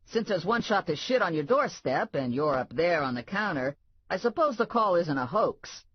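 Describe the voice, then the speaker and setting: A woman voicing a brash, swaggering male police officer who talks loud and teasing in an audiobook. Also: lowish voice, big pitch swings, moderate pace, slightly rough, dry recording, highs cut off, pitched above the performer's own voice.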